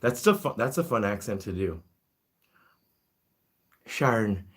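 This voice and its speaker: A man's voice: on the low side, sing-song, brisk. A man hosting a casual live-stream chat, reading viewer comments and talking to his guinea pigs. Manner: chatty, reads comments aloud, talks to his pets.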